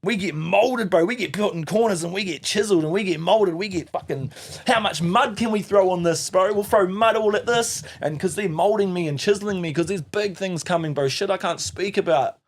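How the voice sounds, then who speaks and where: A podcast guest in his thirties with a New Zealand accent tells an emotional story, swearing freely and acting out other people's voices. His voice is high-pitched, and he talks fairly quickly with few pauses.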